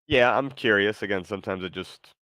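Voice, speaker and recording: A man hosting a show, chatting casually with an AI in a halting, easygoing way. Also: on the low side, pushed and bright, no room sound. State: tired, yawning. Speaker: show host. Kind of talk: casual chat with an AI.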